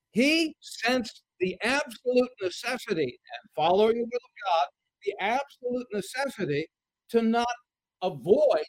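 A middle-aged man preaching a sermon in an earnest, measured way, reading scripture aloud as he goes. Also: high-pitched, no room sound, rough recording.

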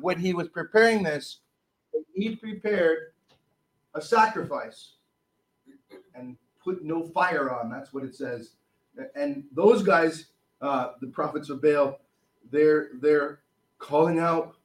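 A man preaching a sermon, reading scripture with rising force and dropping low on asides, with frequent restarts. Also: rough recording. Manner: animated, rises loud on scripture and drops low on asides; halting, with restarts and fillers.

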